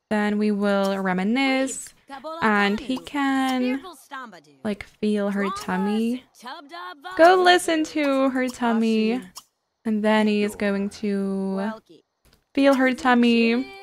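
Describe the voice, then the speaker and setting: A woman with a high voice narrates her game in a slow, unhurried way. She gushes and squeals over cute moments and laughs easily. It sounds like casual commentary recorded at a desk mic. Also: fairly bright tone. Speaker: gaming channel host.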